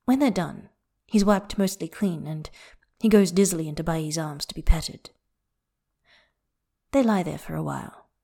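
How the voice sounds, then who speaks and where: Woman narrator, low-pitched, soft and intimate fiction reader. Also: normal speed, gravelly. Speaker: audiobook narrator.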